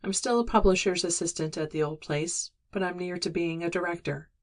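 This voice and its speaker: A woman's voice: on the low side, fairly even intonation, fairly quick, natural voice. A woman reading a remorseful, earnest man. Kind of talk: audiobook dialogue reading.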